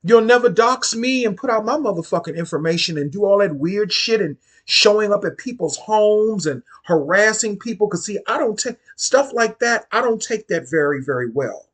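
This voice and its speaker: A husky, slightly breathy man in his forties with a D.C. tells a personal story to camera. His pitch swings up and down a lot as he talks, blunt and profane, hammering points home by repeating them. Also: animated, moderate pace, hardly any pauses, a bit bright. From Washington, D.C. area. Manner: blunt, profane, emphatic, repeats phrases for stress. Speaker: vlogger. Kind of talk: casual storytime monologue.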